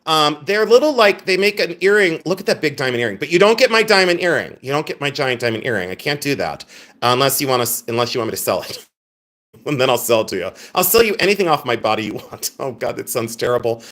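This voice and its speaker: A man's voice: mid-range voice, very animated, fast talker, a bit bright. A man hosting a live jewelry sale stream. He jokes, giggles and mocks himself while chatting straight to his viewers. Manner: joking, giggly and self-mocking. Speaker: livestream jewelry seller. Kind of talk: live sales stream chat.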